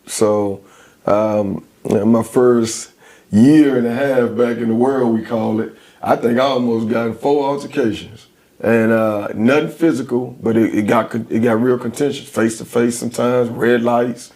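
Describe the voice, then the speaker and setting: A man's voice: medium pitch, a little slow. A man in his forties, a guest in a casual interview, telling his stories with emphasis and energy. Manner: emphatic, animated storytelling.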